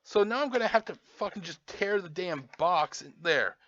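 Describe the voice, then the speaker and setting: A man's voice: high-pitched, lively intonation, moderate pace, fairly bright tone. A man reviewing toys in a profane, angry, sarcastic unboxing rant, recorded at home. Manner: angry, sarcastic, swears constantly. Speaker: toy reviewer. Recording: dull lo-fi dry sound.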